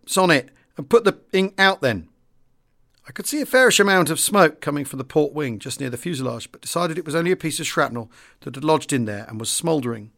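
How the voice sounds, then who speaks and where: A man reading a wartime memoir aloud in the first person, steady and understated. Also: medium pitch. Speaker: audiobook reader.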